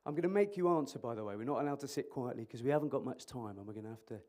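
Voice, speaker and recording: In an interactive conference talk, an emergency clinician fires off words rapidly in a medium-pitched voice. He uses a microphone in the conference hall, joking animatedly and quizzing the audience.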